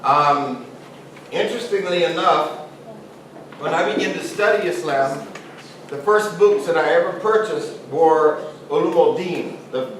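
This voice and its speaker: A middle-aged man teaching a class in a relaxed, joking, conversational way. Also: on the high side, measured pace. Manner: conversational, jokey, asks the class questions. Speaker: Islamic studies teacher. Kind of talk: classroom lecture. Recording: very echoey room, voice far from mic, faint hiss.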